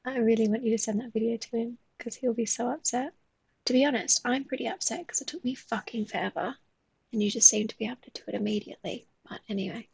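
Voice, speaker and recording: Woman, whispered stream chat, very breathy, dry close mic. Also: on the high side, no room sound. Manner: soft, mostly whispered, yawning. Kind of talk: whispered chat while drawing on a live stream.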